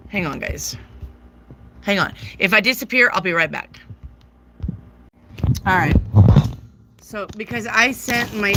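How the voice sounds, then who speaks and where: A woman's voice: lowish voice, lively intonation, slow pace, vocal fry, pauses often, heavy background noise. A woman from South Dakota with a northern US accent, a tarot reader chatting on a live stream and reading out viewers' questions. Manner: chatty, rambling, reads viewer questions aloud.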